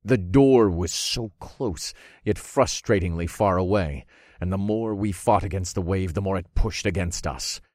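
Casting note: male audiobook narrator, very low voice, dry close sound, dramatic first-person storytelling. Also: a little slow, a little mellow, no echo.

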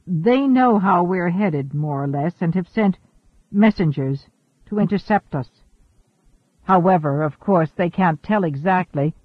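A man's voice: high voice, expressive, no room sound. A man reading the lines of a weary, ageless male seafarer among space travelers in an audiobook. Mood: earnest. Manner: earnest, halting. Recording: thin phone-like dry audio.

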